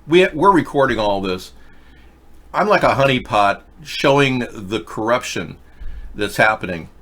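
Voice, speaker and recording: A man hosting a political talk show, ranting in a rambling monologue, lurching from loud high outbursts to low mutters. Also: animated, unhurried. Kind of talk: rambling live-stream monologue.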